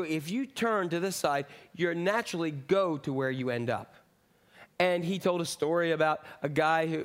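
A middle-aged man preaching a sermon in a conversational, rambling way with asides and jokes. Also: fairly high pitch. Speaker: pastor.

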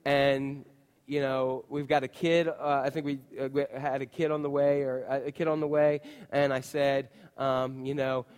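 A man's voice: fairly high pitch, normal speed, clear, resonant tone. Man, pastor, sermon, storytelling, asks the congregation questions, long hall reverb. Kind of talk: sermon with personal stories.

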